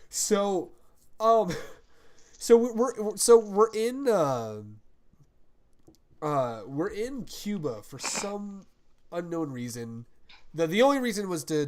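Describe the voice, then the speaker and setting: A man's voice: on the high side, darkish tone. A young man hosting a casual podcast chat, rambling, swearing freely and breaking into impressions. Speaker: podcast host.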